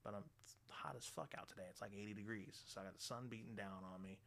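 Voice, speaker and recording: A middle-aged man hosting a radio show, ranting bluntly and swearing constantly, loud and animated. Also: lowish voice, quick pace, gravelly. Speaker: radio host. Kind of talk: profane ranting monologue.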